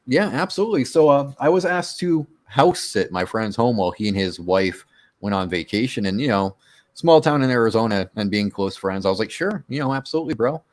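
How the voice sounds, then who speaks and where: Animated man telling a spooky story. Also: medium pitch, fairly quick. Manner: animated, acts out his own shouts and quotes. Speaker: podcast host telling his encounter story. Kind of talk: casual storytelling on a call-in show.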